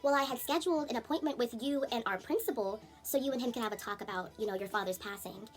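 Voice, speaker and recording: A woman voicing a passive-aggressive schoolteacher, speaking softly in a falsely sweet tone. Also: a little high, fast talker, lightly acted. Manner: soft, falsely sweet, hushed.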